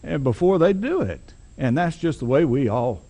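A man's voice: fairly high pitch, big pitch swings, normal speed, dark tone. A man voicing an ingratiating older Southern male town boss, with a folksy, drawling, coaxing way of talking.

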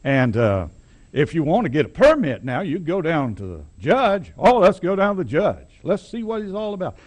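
A smooth, ingratiating old boss man of a small town, as a preacher puts him on, his voice pushed up high above the speaker's own. He drawls and coaxes, calling people "son" and stretching out every "well, now." The pitch rolls and swoops as he talks. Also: big pitch swings, normal speed, darkish tone. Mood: coaxing. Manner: drawling, folksy, coaxing. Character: ingratiating older Southern male town boss.

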